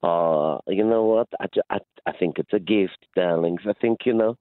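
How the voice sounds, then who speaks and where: A man's voice: low voice, normal speed, no room sound, lightly acted. A man playing a flamboyant, campy male disco diva character, theatrical and calling everyone honey and darling, speaking over a phone line. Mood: camp. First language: not English. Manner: camp, theatrical, calls people honey and darlings. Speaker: stage performer guest. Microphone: phone call.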